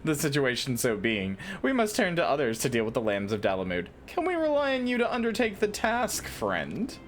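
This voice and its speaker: A woman voicing a stern, formal male elf commander from a fantasy game, reading his lines aloud with stumbles and self-corrections. Her read rises and falls in pitch as she goes. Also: wildly swooping pitch, moderate pace, slight background noise, heavily acted. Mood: formal, earnest.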